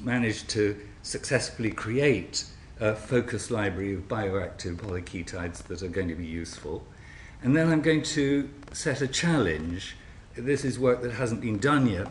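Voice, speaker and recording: A man's voice: on the low side, a little hiss or hum. A man giving an academic symposium lecture in a lecture hall, wry and often restarting his sentences. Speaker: scientific speaker. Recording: roomy hall with faint ambience.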